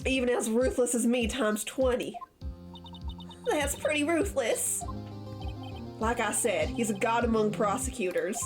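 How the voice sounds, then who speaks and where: A proud male prosecutor speaks in a grave, clipped tone, as a woman reads his part. Her pitch sits fairly high despite it. Game music plays clearly behind. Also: measured pace, long pauses, natural voice. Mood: grim.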